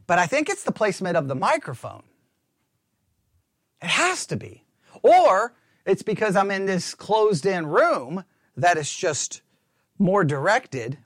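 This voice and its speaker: A pastor chatting in a rambling, animated, self-mocking way while testing his lapel mic in a small closed-in room. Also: on the high side, no room sound, clean studio sound. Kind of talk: casual talk while testing a microphone. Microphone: wireless lapel mic with belt-clip transmitter.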